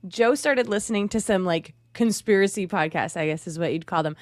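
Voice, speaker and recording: A woman's voice: mid-range voice, a little fast, no echo, studio quality. A woman co-hosting a casual podcast, frank and chatty, with casual swearing.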